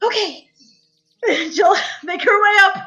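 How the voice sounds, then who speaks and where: A woman playing in a tabletop game, excitable and giggly as she narrates her character's actions. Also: very high-pitched, normal speed, highs cut off, faint music behind. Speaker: player. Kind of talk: casual tabletop role-play.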